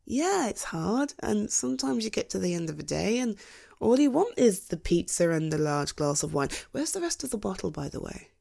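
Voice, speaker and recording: A woman's voice: mid-range voice, very animated, moderate pace, creaky, a little mellow. A woman in a whispered role-play as a comforting partner, soothing and reassuring, often breaking into giggles.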